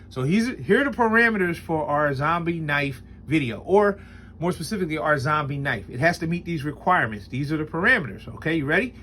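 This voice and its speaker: Chatty man with a slightly high voice. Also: lively intonation, quick pace, bright, forceful tone, a little hiss or hum. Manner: rambling, chuckling, emphatic when listing rules. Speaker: host of a knife review channel. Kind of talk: casual spoken product review.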